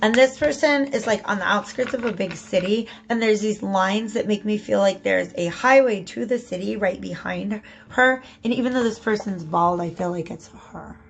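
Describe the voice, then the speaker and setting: A woman's voice: mid-range voice, moderate pace, vocal fry, few pauses. A woman giving a casual spoken tarot reading, chatty and prone to repeating herself, often checking in with "okay?". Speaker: tarot reader.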